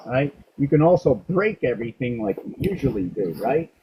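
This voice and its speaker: A middle-aged man grooming a dog, talking to it in a soft, coaxing way and joking with himself as he works. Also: medium pitch, very animated, normal speed, highs cut off, background noise. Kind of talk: rambling talk to a dog while grooming.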